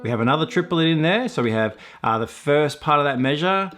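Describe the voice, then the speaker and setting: A man with a mid-range voice teaches a mandolin tune one measure at a time. He explains patiently, counting beats and calling out up and down strokes. Loud mandolin playing rings out behind him. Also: medium pitch, normal speed, hardly any pauses, over loud music. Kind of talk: step-by-step music lesson.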